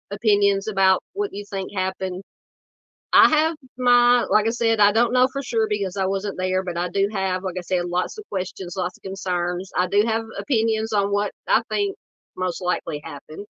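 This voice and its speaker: Woman, Southern accent, nasal scratchy cold voice, earnest halting host, dry dull lo-fi audio. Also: mid-range voice, a bit bright, dry recording. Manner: earnest, halting, many fillers, greets chat by name. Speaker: true crime livestream host. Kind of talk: casual livestream talk.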